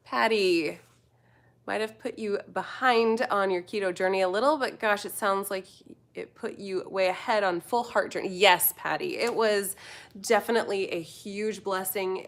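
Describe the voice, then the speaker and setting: A woman's voice: medium pitch, moderate pace, a bit bright. An American woman in her thirties, chatting casually on a live stream and reading out viewer comments as she rambles. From United States. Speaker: food vlogger answering live chat.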